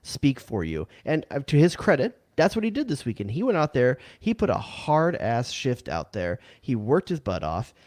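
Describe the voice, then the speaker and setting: Dude on a sports pod, plain-spoken and opinionated, pitch jumps around. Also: male voice, huge pitch swings, normal speed, few pauses, a little mellow, dry recording, studio quality. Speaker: co-host. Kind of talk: casual podcast chat.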